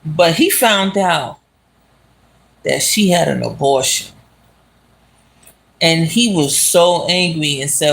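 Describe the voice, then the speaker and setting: A vlogger casually retelling a movie plot while walking outdoors, talking in an animated, slangy way and laughing as they go. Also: mid-range voice, takes it slowly, gravelly, pauses often. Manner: animated, slangy, laughs as it talks, asks "you understand?". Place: outdoors on city streets.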